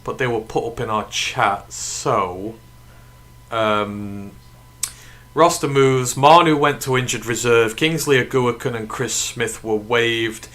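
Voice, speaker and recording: A man hosting a live sports watch-along, reacting with quick outrage to the play and answering viewers' chat. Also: medium pitch, a bit bright. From United Kingdom. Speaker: live stream host.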